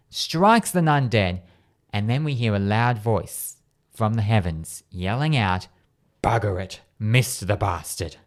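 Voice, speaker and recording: A man with an Australian accent hosting a radio show, telling a long joke in a chatty way and laughing at his own punchlines. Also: mid-range voice. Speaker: radio host. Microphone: studio microphone.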